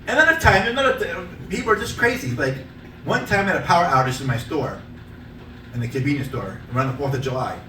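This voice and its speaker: A man with a high, bright voice swings up and down in pitch as he tells his stand-up stories, laughing at his own punchlines. He is heard on a stage mic from some distance, in a roomy, echoing theater. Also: fast talker, slight background noise. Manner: loud, animated storytelling, laughing at own jokes. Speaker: stand-up comedian. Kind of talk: stand-up comedy set. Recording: echoey room, mic from a distance.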